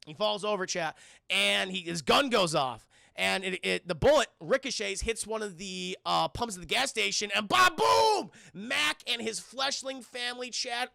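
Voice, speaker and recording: High-voiced, gravelly man retelling a film. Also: no room sound. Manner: profane, animated retelling, often addressing chat, acting out characters in high voices. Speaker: streamer reviewing a film. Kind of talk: casual livestream chat.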